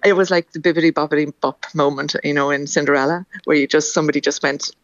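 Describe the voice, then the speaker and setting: A woman's voice: sits low, fairly even intonation, quick pace, dry recording, lo-fi sound. A woman guest talking effusively in a casual radio interview, repeating her words as she gushes. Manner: effusive, bubbly, repeats herself.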